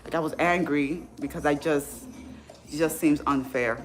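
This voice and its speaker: A fitness vlogger in her thirties talks candidly and from the heart on a casual livestream, with faint music behind her. Her voice sits low, with fairly even intonation and normal speed.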